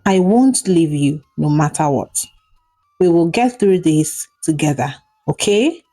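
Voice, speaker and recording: An anxious young man, as a woman narrator puts him on, lowered and coaxing. He talks slowly and softly in a dark, mellow tone, faint music behind this storybook scene. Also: expressive, full character voice. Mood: soothing. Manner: low, coaxing, reassuring. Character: young man, anxious boyfriend trying to soothe.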